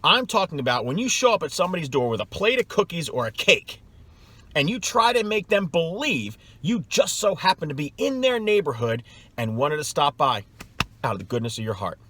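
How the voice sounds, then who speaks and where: A man's voice: fairly high pitch, big pitch swings, a little fast, fairly bright tone, slight background noise. A middle-aged man coaching salespeople in a blunt, scornful way, hammering his points home through repetition. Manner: emphatic, scornful, repeats points for effect. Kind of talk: blunt advice vlog.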